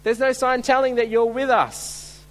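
A preacher voicing a doubting, anxious young biblical farmer who questions and pleads in disbelief, inside a sermon. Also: male voice, high-pitched, expressive, measured pace, a bit bright, big-room sound. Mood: complaining. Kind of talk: sermon role-play.

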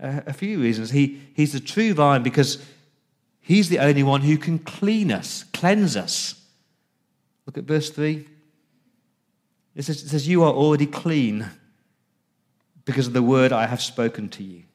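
A man preaching a sermon as pastor, earnest, reading scripture slowly and dropping to a hush on key words. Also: medium pitch, expressive. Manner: reads scripture slowly and deliberately.

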